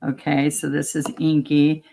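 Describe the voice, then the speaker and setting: A woman's voice: low voice, monotone, unhurried, creaky. A woman teaching a painting demo, chatting casually step by step and talking to herself as she works. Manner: chatty, talks to herself while working, gently coaxing. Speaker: painting instructor.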